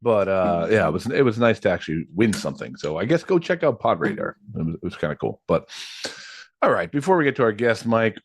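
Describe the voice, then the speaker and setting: A man's voice: lowish voice, big pitch swings, a little fast, no room sound. A man hosting a podcast, chatting loosely and laughing easily, with many restarts. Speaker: podcast host. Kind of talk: casual chat.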